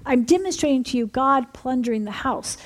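High-voiced woman preacher telling a story. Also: fairly quick. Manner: animated storytelling, asks for amens. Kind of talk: sermon testimony to a congregation.

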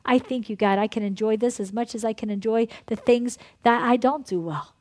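A woman preaching in a lively, conversational way, laughing often and dropping to a hushed tone to lead prayer. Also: a little high, brisk. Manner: drops to a soft, hushed tone in prayer. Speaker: pastor leading a ministry night. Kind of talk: sermon and guided prayer.

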